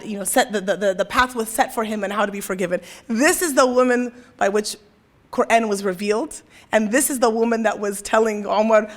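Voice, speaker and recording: Woman, young adult, religious lecture, higher voice, storytelling, keeps asking "right?". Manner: storytelling, often checks in with "right?". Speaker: convention speaker.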